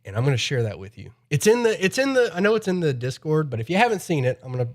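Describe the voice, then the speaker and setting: A man's voice: fairly high pitch, very animated, quick pace. A man live streaming from home, chatting in a rambling way, his voice slightly nasal from a cold. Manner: rambling, chatty, repeats himself. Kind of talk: casual chat.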